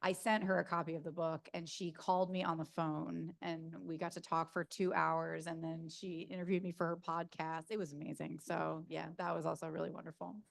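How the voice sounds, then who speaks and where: A woman's voice: sits low, level tone, fairly quick, vocal fry, few pauses. A middle-aged woman with a South Jersey accent, telling stories casually while answering audience questions at a reading, with lots of fillers and laughs. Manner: chatty storyteller, laughs often, many fillers. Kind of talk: casual Q&A talk. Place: university event room. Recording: Zoom capture of a room talk.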